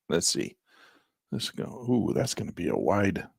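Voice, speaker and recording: Gravelly, hoarse man thinking aloud. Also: low-pitched, sing-song, a little slow, no room sound, clean studio sound. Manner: thinking aloud while placing trades. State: hoarse, clearing his throat. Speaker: trading instructor. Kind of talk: live trading walkthrough.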